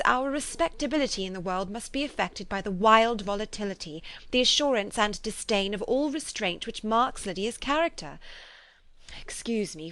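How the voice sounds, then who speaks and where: A woman's voice: medium pitch, fairly bright tone, natural voice. A woman reading an audiobook, voicing a sensible young woman who pleads earnestly and insistently.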